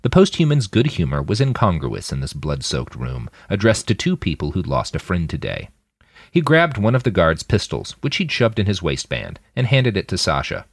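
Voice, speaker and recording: A man narrating a thriller audiobook in an expressive, dramatic manner. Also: low-pitched, moderate pace, slightly rough, dry recording. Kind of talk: scripted narration.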